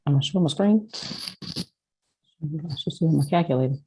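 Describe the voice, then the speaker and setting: Playful woman with a husky, mellow voice. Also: sits low, unhurried, rough recording. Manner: playful, laughs easily, thinks aloud. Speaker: meeting participant. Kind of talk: casual chat.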